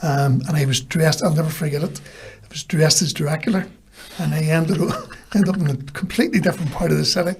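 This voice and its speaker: A podcast guest from Belfast speaks in a Northern Irish accent, his slightly high voice moving fairly quickly with few pauses. He tells anecdotes casually, acting out lines people said to him, and there is slight background noise.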